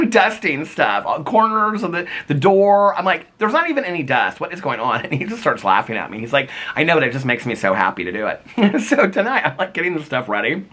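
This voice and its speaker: A man chats from inside his home, filming himself on a phone he holds, wandering through his talk with lots of fillers and regular laughter. The voice is mid-range, pushed and bright.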